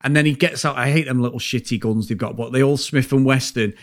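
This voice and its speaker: A man co-hosting a podcast, chatting casually about a film in a rambling, sweary, animated way. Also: medium pitch, fast talker. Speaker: podcast co-host. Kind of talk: casual film review chat.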